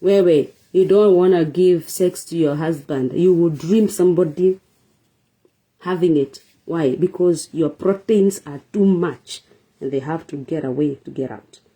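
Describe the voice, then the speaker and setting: Speaking at a measured pace in a mellow, rather low voice, the host of a relationship talk show delivers a preachy monologue to her audience, pressing her points through repetition and rhetorical questions.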